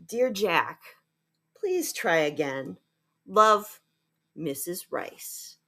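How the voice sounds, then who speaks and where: A woman reading the notes of a patient, kindly schoolteacher who gently but firmly urges a pupil to try again. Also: on the low side, big pitch swings, drawn-out words, pitched below the performer's own voice, heavily acted. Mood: gentle. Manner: gentle, firm, encouraging.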